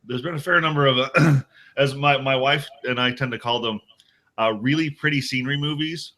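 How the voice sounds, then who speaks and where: A man's voice: medium pitch, moderate pace, bright, forceful tone. An American man in casual chat, rambling with many stammered restarts. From United States.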